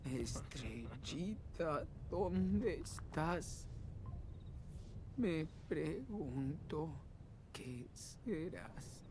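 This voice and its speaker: A man's voice: a little high, big pitch swings, drawn-out words, background noise, exaggerated voice. An actor voicing a tired teenage boy, a protective older brother, in a video game. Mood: gentle singing. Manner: tired, plain-spoken, sings softly.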